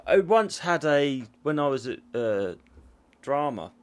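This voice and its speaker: A man's voice: fairly high pitch, sing-song, a little slow. A man co-hosting a casual chat show, telling rambling anecdotes that trail off. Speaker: co-host.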